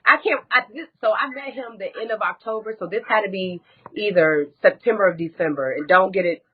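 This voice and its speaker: A woman's voice: medium pitch, brisk, slightly rough, phone-quality sound. A woman as a guest on a live stream, telling a painful personal story in a candid, blunt way and swearing often.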